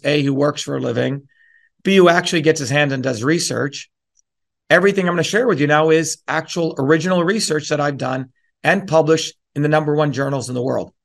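A man's voice: on the high side, gravelly, fairly bright tone. A man speaking at a town hall, explaining science in a lecturing way and then ranting in a profane, heated, combative manner. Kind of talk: lecture turning into an angry rant.

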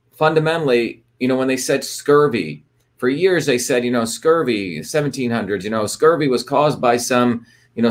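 A man at an ordinary middle pitch hosts a livestream in a loose, rambling way. He talks casually, full of fillers, restarts and retold conversations. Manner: rambling, many fillers and restarts, retells stories. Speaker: livestream host.

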